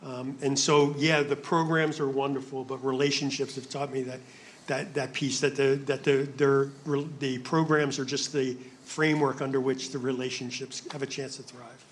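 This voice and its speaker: A man's voice: medium pitch, little pitch movement, normal speed. A man on a ministry panel, speaking earnestly and asking questions of the audience. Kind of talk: panel discussion.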